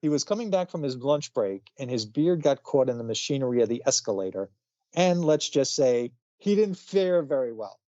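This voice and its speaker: A man's voice: medium pitch, animated, normal speed, mellow, no echo. A middle-aged man hosting a podcast, chatting casually in a rambling way with restarts and chuckles. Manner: rambling, self-correcting, chuckling asides. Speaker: podcast co-host reviewing comics. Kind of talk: casual chat. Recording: dull lo-fi sound, dry.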